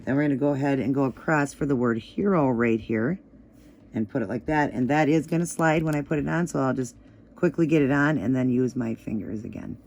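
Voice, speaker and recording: A woman walks through a nail art tutorial in a casual, chatty way, with plenty of fillers. Her voice is a little hoarse and crackly. She talks at an easygoing, relaxed pace. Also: very deep voice, a little fast, lo-fi sound. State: slightly hoarse, voice still crackly.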